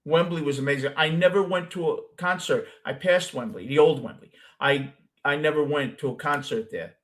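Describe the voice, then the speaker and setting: A man's voice: on the high side, moderate pace, a bit bright. A man with a Brooklyn accent who hosts a show, chatting casually with a caller and telling long, rambling stories with many restarts. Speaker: host.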